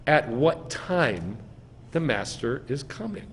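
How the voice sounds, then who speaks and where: In a synagogue sanctuary, a man delivering a teaching sermon as rabbi poses questions to the congregation, then answers them himself with strong emphasis. His slightly high voice has lively intonation and a measured pace, echoing with long hall reverb.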